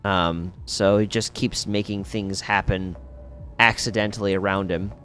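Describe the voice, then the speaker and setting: Slow-talking man chatting while gaming. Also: lowish voice, soft background music. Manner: rambling, lots of fillers, with sudden excited outbursts. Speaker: streamer and host. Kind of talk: casual chat while playing a video game.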